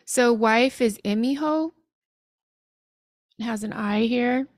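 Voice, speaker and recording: A woman teaching an online language lesson, sounding out phrases slowly and carefully with light laughs between tries. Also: a little high, dry recording, clean studio sound. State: frog in her throat.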